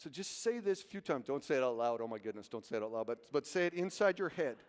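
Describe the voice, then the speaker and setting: A fast-talking pastor with a mid-range voice preaches in a church sanctuary, animatedly telling stories and posing rhetorical questions. The hall around him is reverberant.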